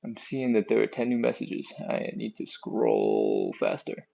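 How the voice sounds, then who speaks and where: A man's voice: fairly low pitch, wildly swooping pitch, creaky, mellow, muffled recording. A man leading a live stretching class, chatty and encouraging, a bit out of breath, talking into an earbud mic. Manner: chatty, encouraging, counts down slowly. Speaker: stretching instructor.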